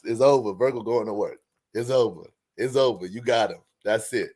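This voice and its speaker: A man giving casual astrology commentary in an animated way, joking, swearing freely and laughing often. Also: on the low side, normal speed.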